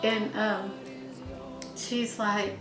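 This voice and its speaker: A woman's voice: medium pitch, flat delivery, extremely slow, music in the background. A middle-aged woman rambling through a reflective monologue, meandering and trailing off as she muses. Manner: meandering, musing, often restarts and trails off. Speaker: vlogger. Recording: echoey room.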